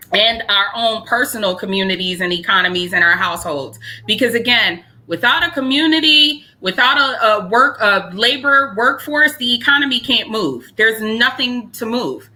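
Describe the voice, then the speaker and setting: Woman panelist, bright, slightly high voice, earnest and argumentative. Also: poor audio. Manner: earnest, argumentative, building her point. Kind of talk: livestream panel discussion.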